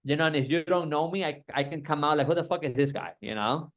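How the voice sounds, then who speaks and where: A man's voice: on the high side, quick pace, a bit bright. A man with a slightly raised voice rambles through a casual phone chat. He swears freely, restarts his sentences and drops "bro" every few words. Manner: profane, rambling, lots of "bro" and "like".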